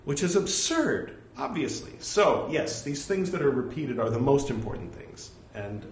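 A man reads old scripture aloud at a medium pitch, calling out every quote mark and ellipsis as he goes. Between passages he drifts into loose, chatty remarks. The sound carries a noticeable room echo. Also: very animated, moderate pace, slight background noise. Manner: reads out punctuation such as quote and three dots; casual asides full of fillers like "like" and "you know". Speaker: scripture reader. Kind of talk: reading aloud with casual commentary. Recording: echoey room.

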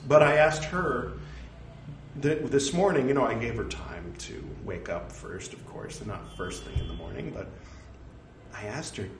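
A man's voice: medium pitch, unhurried, gravelly, reverberant, distant mic, noisy background. A man with a Californian American accent, talking in a rambling, jokey, self-deprecating way as host of a reading series. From California, United States. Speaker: host reading a religious text. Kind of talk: casual spoken aside.

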